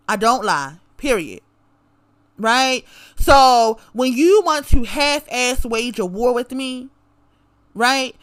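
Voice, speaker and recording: A woman's voice: a little high, a bit bright. A woman delivering a profane, confrontational rant straight to camera, repeating her lines for emphasis. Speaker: vlogger.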